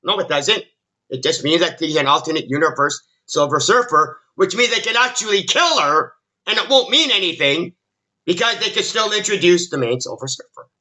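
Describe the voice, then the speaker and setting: Exasperated ranting man, bright forceful voice. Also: high-pitched, expressive, normal speed, rough recording. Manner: exasperated, sarcastic, stumbles over repeated words. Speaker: commentary channel host. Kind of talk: ranting video commentary.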